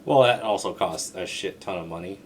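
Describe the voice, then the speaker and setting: A woman's voice: rumbling low, normal speed, slight background noise. A woman co-hosting a podcast, making dry, matter-of-fact remarks in casual chat. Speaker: podcast co-host.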